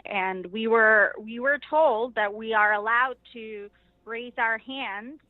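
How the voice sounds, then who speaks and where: Over a tinny phone line, a woman activist delegate appears as an interview guest, recounting events casually and chattily with plenty of fillers. Her voice is fairly high and she takes her time, with the recording itself dry.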